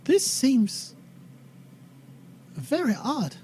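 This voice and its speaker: A man's voice: very high-pitched, sing-song, brisk, a little mellow, a little hiss or hum, voice pushed up. A man voicing a blunt woman bounty hunter who speaks in a matter-of-fact way.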